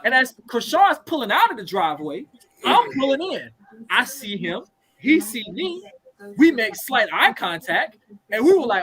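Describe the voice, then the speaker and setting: A man's voice: very high-pitched, huge pitch swings, moderate pace, a bit bright, low-quality recording. A man in his thirties telling a story in casual, profane chat as a podcast co-host. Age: 30s.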